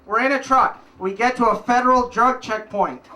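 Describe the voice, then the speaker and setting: A man telling a wry, casual personal story at a live story slam, pausing for punchlines. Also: very high-pitched, pushed and bright, recorded from a distance. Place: live event stage.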